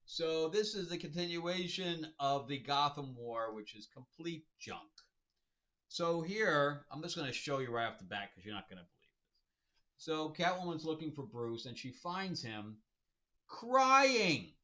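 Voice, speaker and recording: A man's voice: on the high side, big pitch swings, measured pace, sharp tone. A man hosting a casual comic review, rambling and amused, with chuckling asides. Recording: dull lo-fi recording.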